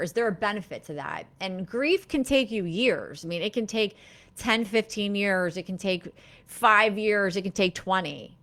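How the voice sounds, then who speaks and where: A middle-aged woman therapist hosting a live-streamed talk, speaking gently and reflectively, with many fillers and restarts. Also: medium pitch. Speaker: therapist and live show host.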